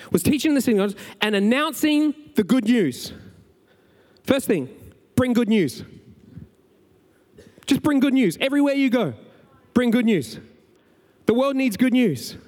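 A man preaching a conversational, energetic sermon as pastor. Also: very high voice. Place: church sanctuary. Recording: large hall with long reverb, faint music.

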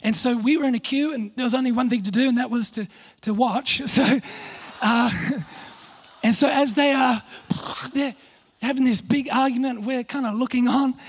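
A man preaching, his voice sitting very high and sounding husky. He tells a story with self-mocking humour, stumbles over his words and restarts often, and the congregation laughs along. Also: normal speed. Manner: storytelling with self-deprecating humor, frequent restarts. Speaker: pastor. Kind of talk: sermon.

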